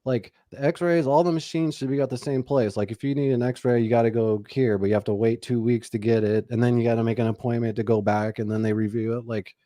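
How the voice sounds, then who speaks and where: A man in his forties with a mid-pitched voice chats casually on a podcast. He swears freely and tells his stories with animated energy. The sound is dry and close. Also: a little fast, hardly any pauses, no echo. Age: 40s. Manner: profane, animated storytelling. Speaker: podcast co-host.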